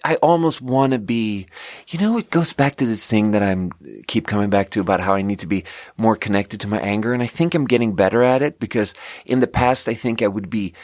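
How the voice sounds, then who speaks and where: A man hosting a podcast, telling a long story about his restaurant work in a casual, animated way with lots of filler words. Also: no echo, studio quality. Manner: animated, acts out quoted voices with big pitch jumps; frequent fillers like "like" and "you know". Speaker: podcast host; restaurant server.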